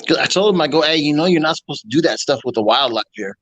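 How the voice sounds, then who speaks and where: A man's voice: on the high side, animated, fast talker, a bit bright, dry recording, rough recording. A man and army veteran, casually telling joking stories from his service days. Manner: laid-back, joking storyteller. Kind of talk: casual chat.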